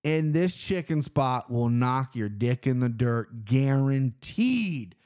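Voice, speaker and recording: This vlogger from Cincinnati, Ohio, has a medium-pitched voice that is darkish, clear, and resonant, and he speaks at a measured pace. In casual talk, he rambles through a profane recap of his weekend.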